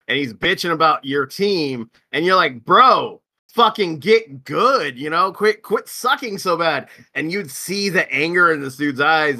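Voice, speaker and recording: A man with a bright, forceful voice rants through a casual gaming podcast. He swears constantly and leans on "like" as filler, and the sound is dry and close. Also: mid-range voice, dry recording. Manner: heavy swearing, lots of "like", ranting. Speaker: podcast co-host.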